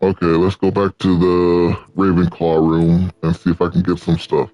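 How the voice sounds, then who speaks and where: A man's voice: deep voice, completely flat delivery, normal speed, mellow, dry recording, highs cut off. A man giving joking, casual commentary while playing a video game. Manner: joking, laughs at himself. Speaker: let's play gamer.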